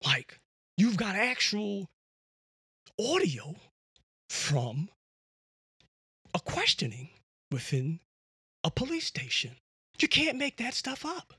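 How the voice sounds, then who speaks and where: A man's voice: sits high, very animated, takes it slowly, long pauses, sharp tone, breathy edge, no room sound, studio quality. A man hosting a podcast, talking in a casual, rambling, jokey way with lots of fillers, recorded on a USB microphone. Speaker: podcast host. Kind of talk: casual monologue.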